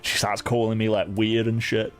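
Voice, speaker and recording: A man's voice: lowish voice, little pitch movement, moderate pace. A man streaming, chatting casually in a rambling, profane way, full of "like" fillers.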